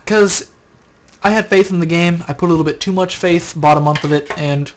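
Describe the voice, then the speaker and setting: A man's voice: on the high side, fairly even intonation, moderate pace, a little hiss or hum. Tired young man rambling on a stream. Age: young adult. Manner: rambling, casual, answers viewer questions aloud. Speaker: live streamer answering chat. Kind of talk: late-night live stream chat.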